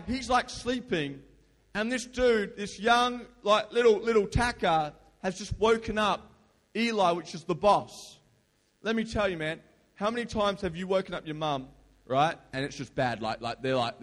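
Young male youth pastor, high voice, casual storyteller, crowd prompts, hall echo. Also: fairly bright tone. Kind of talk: lively youth sermon. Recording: long hall reverb.

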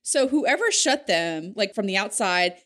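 A woman's voice: medium pitch, lively intonation, a little slow, a bit bright. A woman co-hosting a podcast, retelling a film in casual chat, teasing and laughing a lot. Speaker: podcast co-host.

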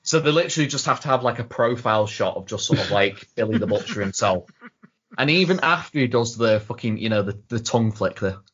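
A man's voice: lowish voice, brisk, husky. A man chatting casually, swearing and acting out scenes as he retells them. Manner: animated storyteller, swears, acts out quotes. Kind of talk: casual chat recapping a show. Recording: dull lo-fi audio.

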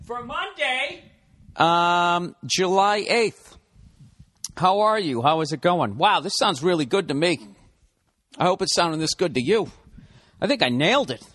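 A man's voice: high voice, animated, normal speed, long pauses, a bit bright. A man hosting a solo podcast, brash and profane, mocking imagined critics. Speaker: podcast host.

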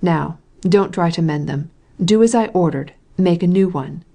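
A woman reading the lines of a brisk, impatient male landowner, in a curt, commanding way. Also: fairly low pitch, creaky, mellow.

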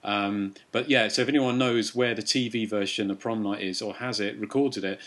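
A man's voice: lowish voice, steady tone, moderate pace, a bit bright. A man hosting a casual podcast chat, talking in a chatty way with many hesitations. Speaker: podcast host.

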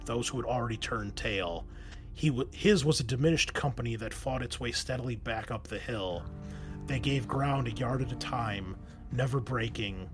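A man narrating a fantasy war story in a steady, measured storytelling manner, over faint music. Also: medium pitch.

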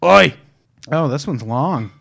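A man's voice: medium pitch, lively intonation, moderate pace. A man hosting a casual podcast chat, wry and joking, swearing freely. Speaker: podcast host.

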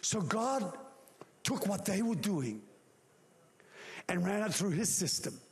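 A man preaching a sermon, telling a story with animated, acted-out voices and sound effects. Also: sits high, slow pace, in a large hall.

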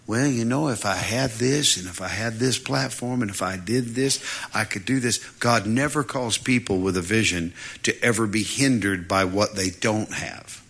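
A man preaching a sermon in a lively, humorous way, often acting out voices. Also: lowish voice, normal speed, slightly rough. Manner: animated, humorous, acts out voices.

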